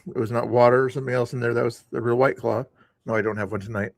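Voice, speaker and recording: A man's voice: mid-range voice, steady tone, fast, gravelly, no echo. An older man streaming, rambling in a chatty, self-mocking way as he talks to his viewers about a past stream. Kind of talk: rambling live-stream commentary.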